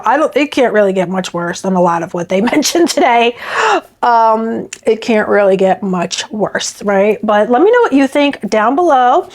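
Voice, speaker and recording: Lady vlogger ranting to her camera, kinda high voice, lots of restarts. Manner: chatty and indignant, many restarts. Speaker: beauty vlogger reacting to stories. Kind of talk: casual chat to camera.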